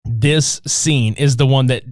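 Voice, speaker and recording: A man's voice: mid-range voice, slow, darkish tone, dry recording, studio quality. Man casually swearing through a movie recap. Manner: profane, laid-back scene retelling. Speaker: podcast co-host. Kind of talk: casual movie-review chat.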